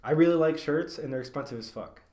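A man's voice: a little high, fast talker, darkish tone. A young man hosting a podcast, chatting casually in a loose, slangy way with plenty of swearing and fillers. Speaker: podcast host. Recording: echoey room.

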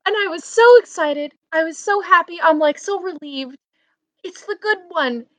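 A young woman in college telling a story over a video call, animated and breaking into loud exclamations. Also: extremely high pitch, moderate pace, no room sound. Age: young adult. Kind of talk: casual chat.

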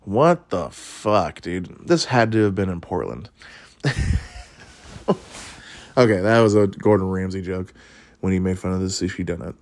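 A man's voice: low-pitched, normal speed, pauses often, darkish tone. A man hosting a podcast, chatting casually and rambling, often laughing and swearing. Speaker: podcast host. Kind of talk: casual solo podcast chat.

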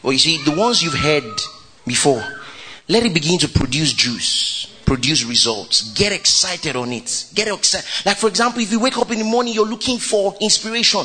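A man preaching a lively sermon, calling out to the congregation, shouting and laughing as he goes. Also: high-pitched, normal speed, husky. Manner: exuberant preaching, shouting and laughing, call and response. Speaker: pastor.

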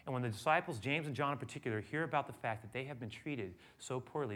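A man preaching a sermon, moving between quiet storytelling and loud, emphatic passages. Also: medium pitch, fast talker. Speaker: pastor.

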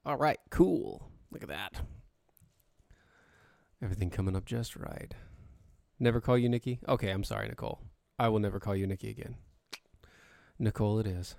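Creaky-voiced man chatting casually. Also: fairly low pitch, moderate pace, no echo, clean studio sound. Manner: relaxed, chatty, humming to himself. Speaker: livestream show host. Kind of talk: casual pre-show chat to viewers.

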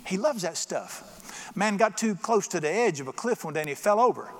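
A man's voice: high-pitched, lively intonation, moderate pace. A middle-aged man preaching a sermon as pastor, folksy and storytelling, acting out little voices in his jokes. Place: church sanctuary. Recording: long church reverb.

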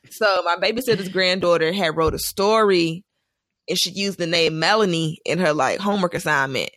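Young woman chatting, lively funny stories, laughs a lot, dry close mic. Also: sits low, fairly quick, no echo. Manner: animated storytelling, laughing often. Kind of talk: casual chat.

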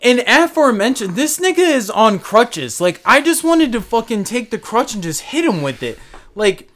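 This is a young man with a notably high-pitched voice, co-hosting a casual talk podcast. He tells a workplace story with a lot of energy, acting out his own lines and other people's as he goes, and he swears freely. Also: big pitch swings, normal speed, a bit bright. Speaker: podcast co-host. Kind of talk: casual chat.

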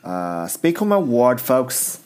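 Guy comedian rambling slowly, broken grammar, lots of restarts. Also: medium pitch, sing-song, a little mellow, smooth. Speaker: stand-up comedian. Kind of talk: casual comedy monologue.

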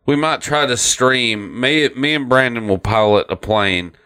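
A man's voice: measured pace, sharp tone, clean tone. A middle-aged man co-hosting a podcast, chatting casually with lots of swearing and rambling retellings. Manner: profane, rambling, acts out cartoon quotes in silly high voices. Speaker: podcast co-host. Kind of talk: casual chat.

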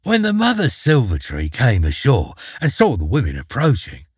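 Playful guy reading a fairy tale, voice swoops up and down a lot, husky, dry close sound. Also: mid-range voice, normal speed, no room sound. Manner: playful, expressive. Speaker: storyteller. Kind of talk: storybook narration.

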